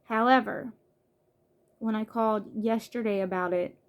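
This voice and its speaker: A woman's voice: on the high side, fairly even intonation, a little slow, a little hiss or hum. A young woman from the United States venting in a casual vlog, frustrated, with many fillers and restarts. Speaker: vlogger. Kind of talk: casual vlog rant to camera.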